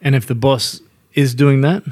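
A man's voice: medium pitch, steady tone, moderate pace, a little mellow. A tipsy Australian man co-hosting a crude, casual pub chat, laid-back and laughing a lot. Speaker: podcast co-host.

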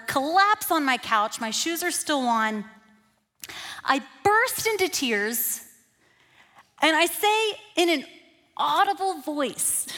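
Lady kids pastor, 30s, preaching with funny self-deprecating stories, echoey church hall. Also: high voice. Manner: animated, self-deprecating, builds to emphatic peaks. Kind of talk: sermon with personal storytelling. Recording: long hall reverb.

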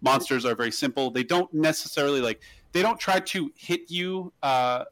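A man's voice: medium pitch, normal speed, a bit bright, no echo. A man hosting a casual podcast, rambling along with many restarts and fillers. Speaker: podcast host.

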